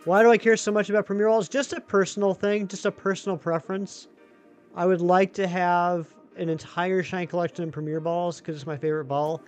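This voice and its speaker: Male streamer, high voice, chatty and excitable, faint music underneath. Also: a little fast, clean tone. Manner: chatty, excitable, talks to chat. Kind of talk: live gaming stream chat.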